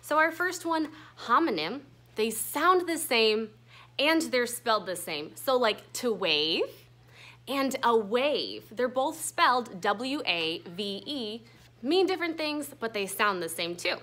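A woman's voice: fairly high pitch, expressive, slow, pushed and bright. A young woman teacher explaining a grammar lesson patiently, spelling words out letter by letter.

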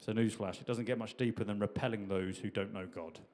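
A man's voice: fairly low pitch, steady tone, a little fast, a little mellow. A middle-aged man preaching a sermon in a conversational way, with repetitions and restarts. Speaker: pastor.

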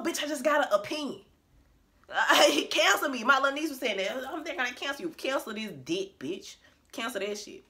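A woman rants to her camera in a casual, profane way, hammering each point home bluntly. Her voice sits a little high and sounds bright and forceful. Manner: profane, blunt and emphatic, laughing between points. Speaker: vlogger.

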